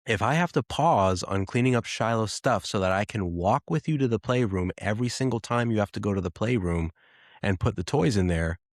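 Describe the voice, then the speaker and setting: A man's voice: lowish voice, animated, fairly quick, no echo, clean studio sound. A man in his thirties telling a family story in a casual, rambling way, often restarting sentences and acting out what he said. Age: 30s. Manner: rambling, self-correcting, quotes himself in a livelier voice. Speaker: podcast host.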